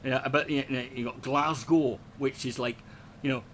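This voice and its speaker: A man's voice: medium pitch, steady tone, normal speed, a bit bright, a little hiss or hum. Profane man doing stand-up. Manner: profane, rambling, slipping into accent impressions. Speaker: stand-up comedian. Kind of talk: stand-up comedy routine.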